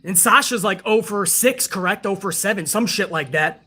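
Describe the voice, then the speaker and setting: A man's voice: high voice, normal speed, bright, forceful tone, husky. Fired-up, profane male streamer. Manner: profane, fired-up ranting, reads out chat messages. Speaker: host of a wrestling review stream. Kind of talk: casual livestream commentary.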